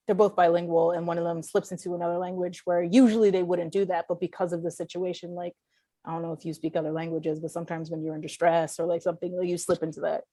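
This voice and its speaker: A woman with a lowish, warm and mellow voice talks through her ideas in a relaxed conversation. She is from Puerto Rico and grew up speaking Spanish first. She circles back, restarts sentences and searches for the right words, all in a dry, close recording. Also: dry recording. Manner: thoughtful, searching, with frequent restarts and fillers. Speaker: guest comics writer. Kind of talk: casual conversation.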